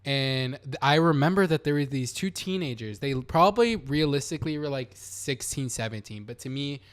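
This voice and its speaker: A young man hosting a podcast, telling a childhood story in casual chat, animated and swearing, acting out the people he quotes. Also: medium pitch, normal speed, clean tone. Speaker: podcast host.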